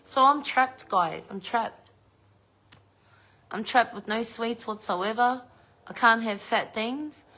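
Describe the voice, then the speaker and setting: Woman, Australian accent, middle-aged, bright voice, casual home vlog, swears a lot. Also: fairly high pitch, slow, long pauses. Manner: chatty, swears freely. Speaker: vlogger. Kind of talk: casual storytelling to viewers.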